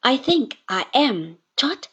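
Brisk elderly aunt, fond and emphatic; a woman reads her, breathy voice on a dull recording. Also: high voice, sing-song, fairly bright tone, full character voice.

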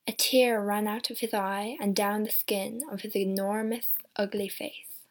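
A woman reading a story aloud as scripted narration, slow and measured. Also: medium pitch, little pitch movement. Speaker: audiobook reader.

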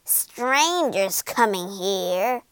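A woman doing a slow, screeching wicked witch. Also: medium pitch, expressive, a bit bright, smooth, no room sound, exaggerated voice. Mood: menacing. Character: sneering wicked one-eyed witch.

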